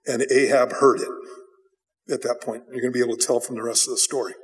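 A male pastor giving an expository sermon in a blunt, conversational, animated manner. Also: medium pitch, fairly quick. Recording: long hall reverb.

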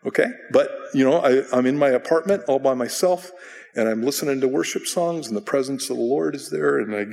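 Conversational pastor in a reverberant hall. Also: male voice, medium pitch, a little fast, creaky. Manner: conversational, self-deprecating, with bursts of acted shouting. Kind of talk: sermon. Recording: long reverb of a large hall.

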